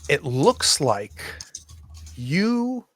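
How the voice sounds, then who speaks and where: A man acting as game master, narrating a tabletop horror game in a slow, hesitant way with many pauses and restarts. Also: on the high side, big pitch swings, fairly bright tone.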